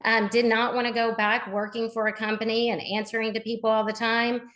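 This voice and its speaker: A woman's voice: on the high side, flat delivery, fairly quick, fairly bright tone. A woman on a team video call sharing her story and earnestly encouraging others. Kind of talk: casual motivational talk on a group call.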